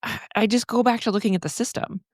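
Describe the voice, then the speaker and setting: A middle-aged woman hosting a solo podcast, speaking candidly and earnestly about therapist burnout, with an animated, casual manner. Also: a little high, quick pace, dry recording, studio quality. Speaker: podcast host and therapist coach.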